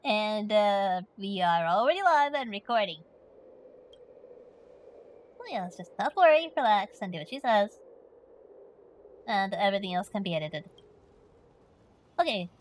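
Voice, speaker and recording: A woman talking in a relaxed, casual way, often pausing with "uh" as she goes through questions. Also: medium pitch, slight background noise, rough recording. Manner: relaxed, with frequent "uh" fillers.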